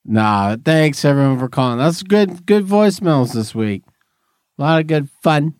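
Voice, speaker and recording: A man's voice: a little high, moderate pace, no room sound. A man co-hosting a podcast in casual chat, ranting animatedly with a lot of swearing. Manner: animated, mocking rants with profanity. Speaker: podcast co-host.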